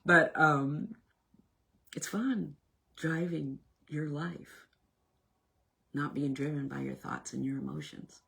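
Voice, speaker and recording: A woman leading a self-help workshop in a casual motivational talk. She is animated, swinging between loud bursts and hushed, near-whispered lines. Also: deep voice, takes it slowly, gravelly, pauses often, slightly rough.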